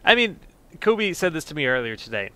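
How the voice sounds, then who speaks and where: A male host with a bright, forceful tone and a slightly high voice. He explains things emphatically and with plenty of energy in a casual panel chat. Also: big pitch swings, fairly quick, a little hiss or hum. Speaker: podcast host. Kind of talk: casual panel chat about a game patch.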